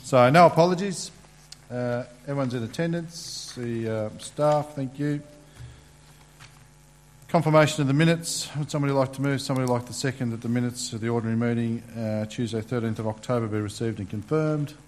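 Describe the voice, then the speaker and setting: Male meeting chair, plain mid pitch, halting procedural delivery, faint hum behind. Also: darkish tone. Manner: halting, filler-heavy procedural reading.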